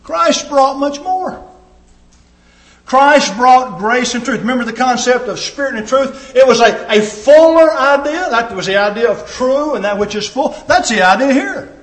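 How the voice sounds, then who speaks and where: A man preaching a sermon with emphatic delivery and sudden swings in pitch and loudness. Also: animated, a little slow, roomy sound.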